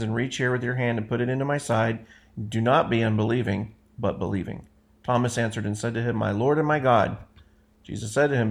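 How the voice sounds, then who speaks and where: Man teaching a casual Bible study. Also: medium pitch. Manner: conversational, self-correcting, explains as he reads.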